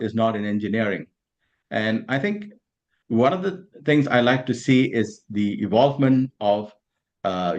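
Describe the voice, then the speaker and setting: A man giving a guest talk at an online event over a video call, measured and polite, with some fillers. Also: lowish voice, lo-fi sound. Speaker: guest speaker. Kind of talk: formal talk.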